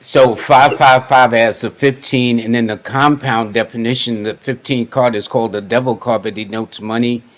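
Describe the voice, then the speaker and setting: A man hosts a casual interview. His tone is plain and matter-of-fact. His voice sits at an ordinary middle pitch. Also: fairly even intonation, moderate pace, hardly any pauses. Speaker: host.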